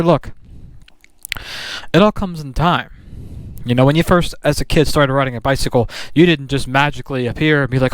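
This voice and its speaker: In a smooth, mid-range voice at a moderate pace, a man chats about motorcycles while outdoors on one, either riding or stopped. There's no room sound, and his rambling vlog is packed with fillers and restarts.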